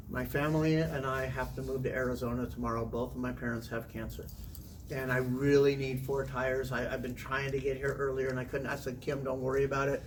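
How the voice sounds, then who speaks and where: A middle-aged man, a former teacher, telling a long casual story to interviewers, chatty and animated, swearing now and then. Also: mid-range voice. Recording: distant mic with faint room noise.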